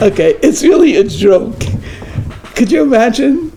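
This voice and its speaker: Male rabbi, weekly lecture, high and expressive, animated storyteller. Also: a little slow, long pauses, a little hiss or hum. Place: synagogue lecture room.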